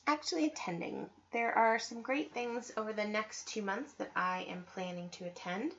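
A woman's voice: mid-range voice, a bit bright. A woman hosting a knitting podcast, talking in a chatty, enthusiastic way with plenty of ums and asides. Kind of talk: casual podcast chat. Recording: slightly dull lo-fi audio.

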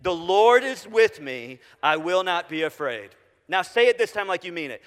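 Middle-aged pastor preaching in a reverberant hall. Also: male voice, high voice, very animated. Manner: conversational, halting restarts, drops to quiet repetition. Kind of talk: sermon. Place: church sanctuary. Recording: long reverb of a large hall.

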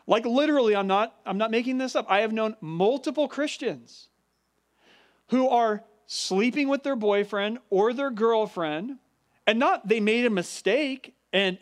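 High-voiced man preaching earnestly. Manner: earnest, emphatic preaching with deliberate slowed stresses. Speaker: pastor. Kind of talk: sermon.

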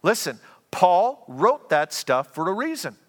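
A man preaching a sermon as pastor, earnest and given to quick restarts. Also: high voice, sing-song, long reverb tail.

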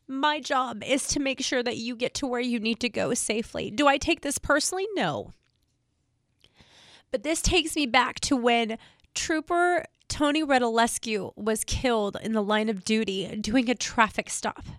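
A woman in public safety speaking straight to viewers, emotional and near tears, earnest and halting, repeating words as she talks. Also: a little high, no room sound, clean studio sound. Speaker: state trooper spokesperson. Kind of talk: emotional direct-to-camera talk.

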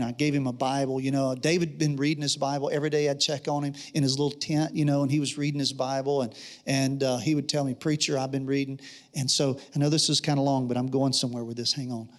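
A man's voice: medium pitch, flat delivery, fast. A man preaching a sermon, telling a personal story in an earnest way and acting out the dialogue. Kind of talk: sermon testimony.

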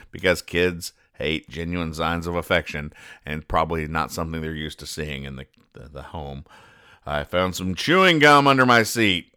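Deadpan sarcastic man, bright crisp voice. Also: lowish voice, dry recording. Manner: dry sarcastic explaining, trailing off quietly. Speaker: podcast host. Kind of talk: deadpan comedic comic-strip commentary.

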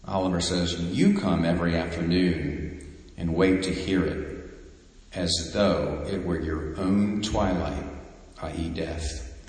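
A low-voiced man delivers a sermon at an unhurried, measured pace. His words ring out through a large, echoing church, with a long tail of reverb after each phrase. He builds to fervent emphasis on key lines. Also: steady tone, a little mellow. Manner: slow, deliberate, rising to fervent emphasis. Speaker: preacher. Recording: echoey hall with long reverb.

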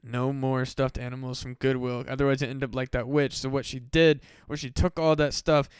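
A man hosting a comedy podcast, rambling through mock-serious warnings in a profane, deadpan monologue. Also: medium pitch, normal speed, clean tone, no echo, studio quality. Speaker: podcast host.

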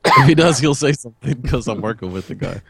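A man's voice: mid-range voice, fast, gravelly, background noise. A man co-hosting a podcast in casual chat, telling stories with lots of swearing and acted-out quotes. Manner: animated storyteller, swears freely, acts out quotes. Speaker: podcast co-host.

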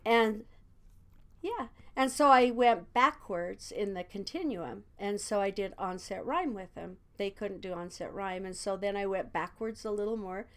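A woman's voice: mid-range voice, unhurried, a bit bright. A woman in her sixties, a kindergarten teacher, chatting casually and laughing often between thoughts. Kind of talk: casual conversation.

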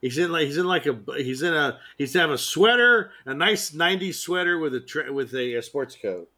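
A man's voice: a little high, lively intonation, normal speed, pushed and bright. A man co-hosting a casual podcast, rambling through his jokes with many restarts. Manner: rambling, stumbles and restarts, jokey. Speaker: podcast co-host. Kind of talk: casual chat.

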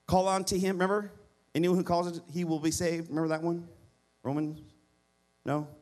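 A man's voice: fairly high pitch, level tone, moderate pace, darkish tone. A middle-aged man preaching a sermon as pastor, pleading with the congregation and calling for responses.

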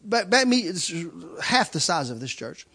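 A male preacher tells a long story to his congregation. His voice sits high and bright and swings widely as he acts out screams and laughter. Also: big pitch swings, moderate pace, husky. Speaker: traveling preacher. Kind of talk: sermon storytelling.

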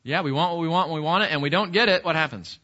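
A middle-aged man teaches a Sunday Bible class in a bright, forceful voice pitched a little high. He talks in an animated way, repeats words as he goes and keeps asking the class questions. The recording is dull and lo-fi. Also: very fast.

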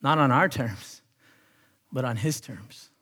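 A male pastor preaching a sermon, earnest, rising on key phrases and dropping softly for emphasis. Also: mid-range voice, slow. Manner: earnest preaching, swells then drops to soft emphasis.

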